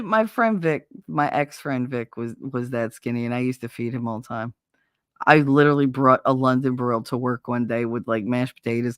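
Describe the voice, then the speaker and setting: A woman's voice: sits low, no echo, clean studio sound. A woman hosting a livestream, telling blunt, profane anecdotes with frequent laughter in casual chat. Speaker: livestream host.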